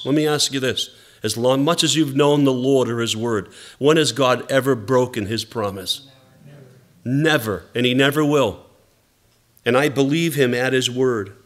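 A man's voice: medium pitch, fairly bright tone. A male pastor preaching an earnest, heartfelt sermon to his congregation, repeating phrases for emphasis. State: close to tears.

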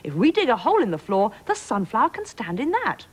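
A woman's voice: on the high side, wildly swooping pitch, a little fast, husky, voice pushed up, heavily acted, poor audio. A woman voicing a pompous, stubborn storybook king who blusters and splutters.

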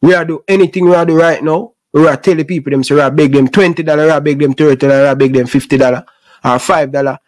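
A Jamaican man with a high voice holds forth to his audience in thick Patois. He sounds middle-aged and impassioned, preaching about patience and hustle as host of his own sports channel. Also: fairly even intonation, quick pace, a little mellow. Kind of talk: casual rant to camera.

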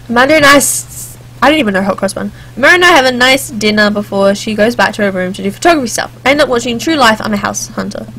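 A woman with a slightly high voice reads a story game aloud, taking the lines of the characters in turn. She keeps breaking off into chatty, joking commentary and snatches of song. A faint hiss sits under her voice. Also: fairly bright tone. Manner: chatty, jokey asides, sings snatches. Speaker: let's play gamer. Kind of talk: reading game text aloud with casual commentary.

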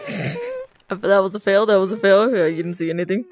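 A woman giving let's play commentary, talking back to a game character with loud exclamations, scolding, frequent laughter and swearing. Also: medium pitch, huge pitch swings, normal speed, slight background noise. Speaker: gaming video creator.

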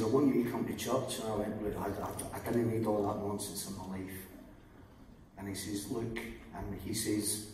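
Scottish man giving a testimony in a big echoing hall. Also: a little hiss or hum. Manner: storytelling, acts out quoted dialogue, often drops to a quiet low voice. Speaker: guest preacher giving testimony. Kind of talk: testimony sermon. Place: church hall. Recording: very echoey hall, voice heard from far off.

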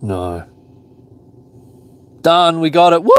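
Animated man streaming a mobile game. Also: mid-range voice, unhurried, pauses often, clean tone. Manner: joking, teasing, reads chat aloud. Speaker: Pokemon GO streamer. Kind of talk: casual live-stream chat.

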